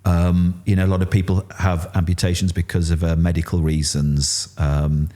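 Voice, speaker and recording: A middle-aged man with a Yorkshire accent, telling his story candidly in an interview and acting out what others said. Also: moderate pace. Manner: animated, acts out quotes with rising pitch. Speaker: interview guest.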